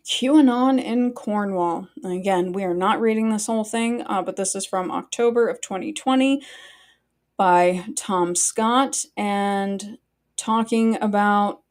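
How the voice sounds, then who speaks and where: A woman's voice: mid-range voice, a little mellow. A woman hosting a live stream, chatting casually and bluntly with her viewers, swearing freely and wandering off into asides. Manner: blunt and profane, talks straight to chat; chatty asides and frequent fillers. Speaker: livestream host.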